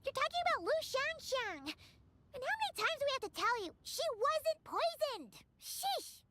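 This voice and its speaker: An actress playing a tiny, excitable female fairy companion who exclaims and scolds. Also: very high-pitched, moderate pace, heavy background noise. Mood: exclaiming. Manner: bratty, exclaiming. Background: game music.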